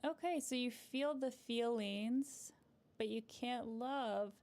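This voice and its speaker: A woman couples therapist giving live advice and answering viewer comments, gentle and encouraging, often checking in with a "right?" at the end of a point. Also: a little high, slow pace.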